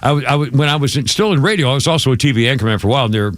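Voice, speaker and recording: A man's voice: medium pitch, lively intonation, racing, a bit bright, dry recording. A man hosting a morning radio show, talking in a rambling way with restarts and asides. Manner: rambling, restarts and trails off, chuckles. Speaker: radio host. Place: radio studio.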